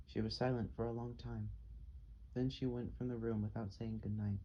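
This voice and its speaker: A man reading an audiobook in a measured, unhurried scripted narration. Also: mid-range voice, little pitch movement. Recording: dull audio with faint hiss.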